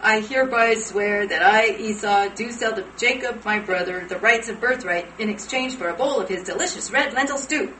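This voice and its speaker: A woman's voice: on the high side, moderate pace, few pauses, sharp tone. Woman voicing a whiny, starving young brother. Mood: grudging. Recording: distant, roomy, noisy playback.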